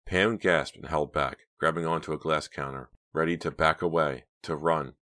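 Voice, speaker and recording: A man narrating a novel as an audiobook, in a measured, hushed storytelling manner. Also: a bass voice, steady tone. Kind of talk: scripted narration.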